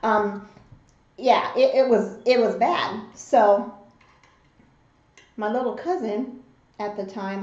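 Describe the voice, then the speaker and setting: Woman eating-show host, animated storyteller, unhurried delivery, roomy dull-sounding home recording. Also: fairly high pitch. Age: adult mother. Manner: animated storyteller who acts out the voices in her story. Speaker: mukbang host.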